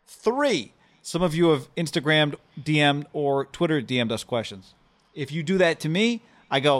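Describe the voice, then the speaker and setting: A man co-hosting a sports podcast, reading ads and mailbag questions in a brisk, casual way. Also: a little high, expressive. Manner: brisk, upbeat ad reads and loose banter. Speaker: podcast co-host.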